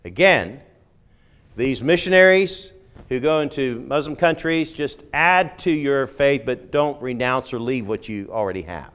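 A middle-aged former missionary raised in the United Kingdom gives an emphatic, conversational lecture on religion. His voice runs on the high side, and he keeps checking in with his listeners through frequent "okay?" asides.

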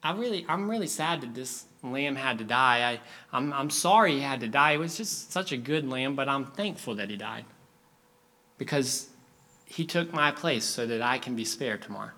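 A man acting out a thoughtful young boy who speaks softly and sincerely to his father during a sermon story. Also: fairly high pitch, moderate pace. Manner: soft, sincere, reflective.

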